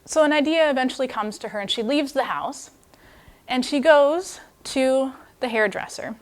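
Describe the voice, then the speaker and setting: Young woman preaching, fairly high voice, lively storytelling, chatty and expressive. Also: normal speed. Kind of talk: sermon storytelling.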